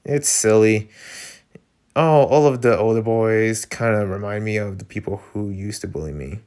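A man's voice: lowish voice, normal speed, voice pushed down, natural voice. A man reading a webcomic aloud, voicing a shy and anxious teenage boy who speaks hesitantly. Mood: worried. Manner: hesitant, soft-spoken.

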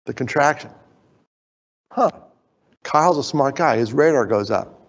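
A husky man with a gravelly edge tells stories to a conference audience and animatedly acts out the people he quotes. His voice carries a long hall reverb, and the recording sounds muffled and dull. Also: medium pitch, expressive, unhurried. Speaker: conference speaker. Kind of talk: storytelling conference talk.

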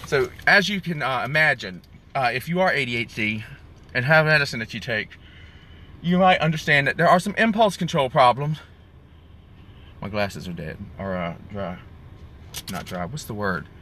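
Sassy man, bright voice. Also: medium pitch, animated, normal speed, pauses often. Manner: chatty, sassy, calls viewers y'all and honey. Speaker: vlogger doing a live stream. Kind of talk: casual chatty live stream. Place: in a car in the rain.

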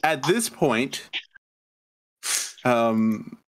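A man narrating as game master for a tabletop game, pausing often with hesitant ums. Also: mid-range voice, expressive.

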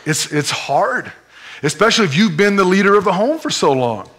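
A pastor preaches to his church in a playful, animated style, bringing up a volunteer for live demonstrations during the service. His voice is high-pitched and his pace moderate.

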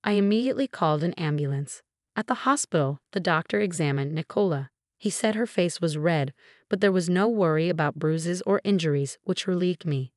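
A woman narrating a first-person story in an even, plain storytelling manner. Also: on the low side, a little fast, no room sound, studio quality.

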